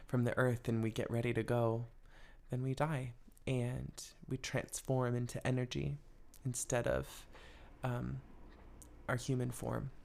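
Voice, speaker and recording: A young adult man hosting an advice podcast, musing in a rambling, casual way with many fillers. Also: medium pitch. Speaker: podcast host giving advice.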